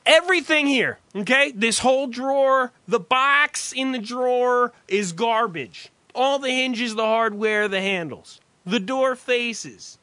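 A man voicing a loud, pushy male cabinet salesman who gushes through his pitch. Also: lively intonation, slow pace, few pauses, no echo, exaggerated voice.

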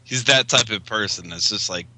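A man's voice: fairly low pitch, normal speed, sharp tone, no room sound. A man co-hosting a casual podcast, chiming in with dry teasing remarks. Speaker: podcast co-host.

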